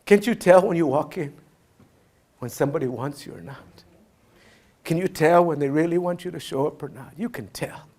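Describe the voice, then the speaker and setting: A man giving a storytelling keynote speech, animated, mixing Spanish phrases into his English. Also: on the high side, moderate pace, pauses often. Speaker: keynote speaker.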